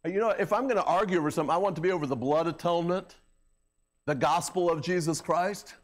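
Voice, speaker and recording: A man's voice: fairly high pitch, fast talker. A middle-aged male pastor preaching a sermon in a church, talking in a conversational way with filler words and raising his voice when he mocks a crowd. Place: church sanctuary. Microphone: handheld or stand microphone.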